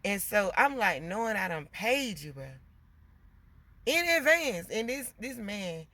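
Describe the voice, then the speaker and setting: A woman venting in a casual monologue to her viewers, animated and emotional, getting loud as she talks. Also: medium pitch, measured pace, dry recording. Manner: gets loud when emotional.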